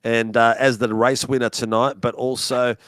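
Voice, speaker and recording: A man's voice: mid-range voice, little pitch movement, fairly bright tone, clean tone, dry recording. A man hosting a race broadcast, interviewing drivers in a chatty, matey way. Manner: chatty, matey, drawn-out phrasing. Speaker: broadcast host. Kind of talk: casual post-race interview.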